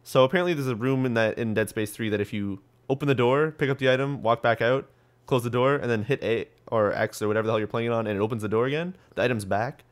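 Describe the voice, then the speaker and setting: A man's voice: medium pitch, quick pace. A young man hosting a podcast, chatting casually about gaming news with lots of ums and restarts. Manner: rambling, full of ums and restarts. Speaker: podcast host.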